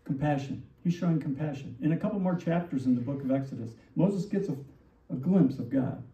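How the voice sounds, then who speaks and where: A man preaching a sermon as pastor, animated and full of rhetorical questions, acting out the lines he quotes. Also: fairly high pitch, a little fast, vocal fry. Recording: distant, roomy, dull church recording.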